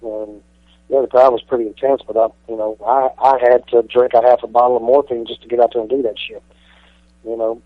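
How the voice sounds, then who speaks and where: A brash, swaggering man tells rough stories with steady, flat delivery and plenty of cursing. His voice comes through a thin, tinny phone line with no room sound around it. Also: mid-range voice, fairly quick, dry recording. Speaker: pro wrestler guest. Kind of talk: profane interview storytelling.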